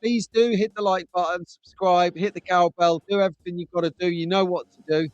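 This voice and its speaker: A man's voice: high voice, steady tone, a little fast, no room sound, muffled recording, soft background music. Chatty man hosting a live stream. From England. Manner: chatty, jokey, reads out chat comments. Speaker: host of a live slot car stream. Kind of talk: casual live-stream chat. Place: home.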